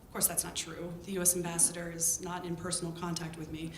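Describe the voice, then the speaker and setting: A woman telling a lively story about her field work to an audience. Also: fast talker. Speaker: public health worker telling a story. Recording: echoey room with faint rumble.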